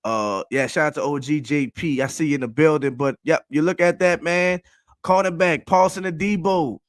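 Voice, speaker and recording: A man, co-hosting a sports podcast and hyping up viewers with slangy shout-outs. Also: fairly high pitch, steady tone, normal speed, no echo, studio quality. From New Orleans. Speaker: podcast co-host. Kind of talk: casual sports podcast chat.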